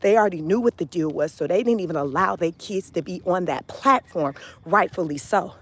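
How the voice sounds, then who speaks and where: A woman's voice: on the low side, a little fast. Chatty woman doing live commentary. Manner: animated, chatty, addresses viewers as y'all. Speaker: commentary vlogger. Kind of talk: casual live-stream commentary.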